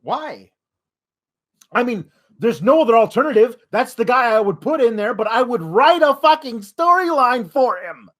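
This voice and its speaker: High-voiced man ranting and swearing. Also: sing-song, moderate pace, a bit bright. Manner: exasperated, heavy swearing. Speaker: wrestling news podcast host. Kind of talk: profane podcast rant.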